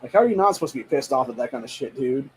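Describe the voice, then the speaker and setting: With a husky, expressive, medium-pitched voice moving at a racing pace, the young Ohio host of a political podcast reads headlines and erupts into heated, swearing rants. The casual commentary comes through on a low-quality recording.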